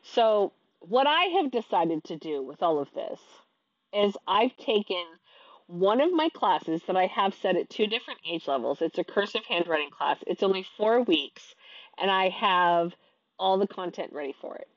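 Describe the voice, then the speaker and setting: A woman in her thirties talks straight to camera, frustrated and venting, stumbling over her words and restarting as she goes. Her voice sits at a middle pitch. The recording is dry and a little dull. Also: lively intonation, normal speed, no room sound. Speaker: online teacher and vlogger. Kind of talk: casual talk to camera.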